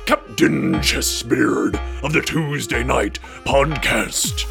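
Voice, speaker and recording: A man voicing a swaggering male pirate captain in a gruff pirate drawl, introducing a podcast. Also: mid-range voice, slow. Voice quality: gravelly, drawling pirate talk. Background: music.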